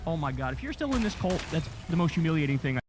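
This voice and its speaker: A man's voice: a little high, sing-song, fast, music in the background. A man hosting a livestream news commentary, fiery and sarcastic, swearing freely as he rants. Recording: noisy livestream audio.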